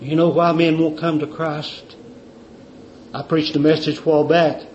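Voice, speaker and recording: A male preacher giving a sermon in an emphatic, repetitive way, sometimes dropping to quiet intensity. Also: a little high, flat delivery, moderate pace, a little hiss or hum. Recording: dull lo-fi recording.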